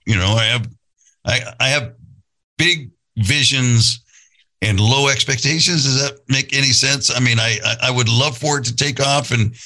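A man's voice: on the low side, pushed and bright, rough recording. A man in his sixties, a podcast host, telling his own life story in an earnest, reflective, conversational way, thinking aloud as he goes. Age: 60s.

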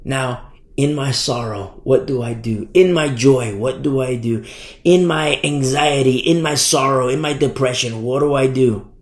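A middle-aged man preaching a sermon as pastor, animated and repetitive, with many asides. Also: mid-range voice, measured pace, echoey room.

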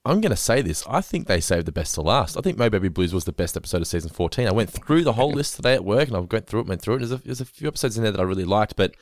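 Deep-voiced man hosting a podcast. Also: lively intonation, racing, hardly any pauses, no room sound. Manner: enthusiastic, runs segments and scores. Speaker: podcast co-host. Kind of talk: casual chat.

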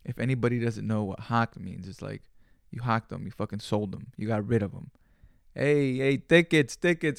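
Gravelly, slangy man in his twenties. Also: medium pitch, no room sound, clean studio sound. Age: 20s. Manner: slangy, profane, rambling with quoted dialogue. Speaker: podcast host. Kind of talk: casual solo storytelling.

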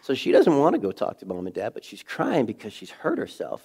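A middle-aged man preaching a sermon in a conversational way, full of rhetorical questions, swinging between loud emphasis and hushed moments. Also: mid-range voice, wildly swooping pitch, a little fast, creaky, breathy edge. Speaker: pastor.

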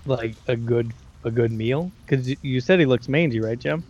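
An eager man at a tabletop game, mid-pitched and chatty, tripping over his own restarts. The recording is dull and lo-fi with a faint hiss. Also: moderate pace, a little mellow. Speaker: player. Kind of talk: casual tabletop game chat.

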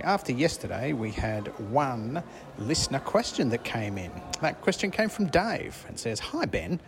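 A man reporting casually from a busy sports venue, with many fillers. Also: medium pitch. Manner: loose, rambling, many fillers. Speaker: on-site reporter. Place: busy venue, crowd behind. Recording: crowd noise behind.

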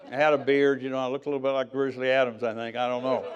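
A man's voice: medium pitch, level tone, very fast, dull audio. An older man preaching, telling his own story in a conversational way and acting out the dialogue. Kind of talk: sermon testimony.

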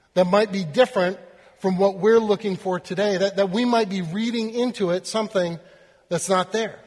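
A man's voice: sits high, long reverb tail. A man preaching a sermon, talking to the congregation. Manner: animated storytelling, acting out voices. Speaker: pastor.

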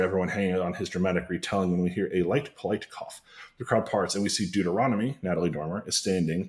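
Man, podcast storyteller, casual comedic narration, chuckling asides, lowish voice. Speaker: podcast co-host telling a parody story.

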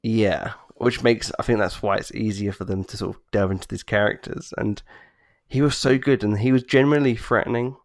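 A man with a lowish voice chatting casually on a podcast. He rambles enthusiastically, restarting his sentences as he goes, and the recording sounds dry and close. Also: steady tone, brisk, no room sound. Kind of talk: casual chat.

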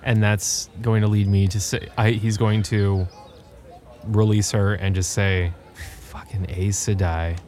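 Low-voiced man playing a tabletop game. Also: little pitch movement, unhurried, a little mellow, soft background music. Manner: gruff, swearing, mock-outraged. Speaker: player.

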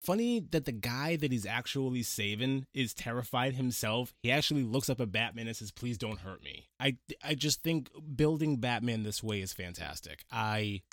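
A man's voice: mid-range voice, expressive, moderate pace, few pauses, a bit bright, no room sound, clean studio sound. A man hosting a casual movie review chat, enthusiastic and gushing, often stammering as he restarts his sentences. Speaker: podcast host.

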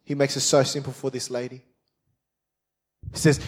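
A man's voice: mid-range voice, little pitch movement, moderate pace, long pauses, husky. A middle-aged man preaching a sermon as pastor, fired-up and emphatic with repeated phrases. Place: large church hall. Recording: long church hall reverb.

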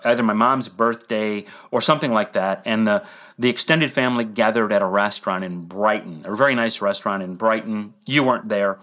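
A man's voice: on the low side, a bit bright. A middle-aged man co-hosting a podcast, telling a long rambling story with tangents and self-deprecating asides. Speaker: podcast co-host.

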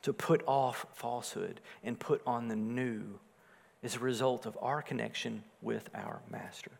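A man preaching a sermon, swelling louder on his points and dropping soft and low on key phrases. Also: steady tone, measured pace, gravelly, slightly rough. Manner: rises in volume for emphasis, drops low and soft on key phrases. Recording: long hall reverb.

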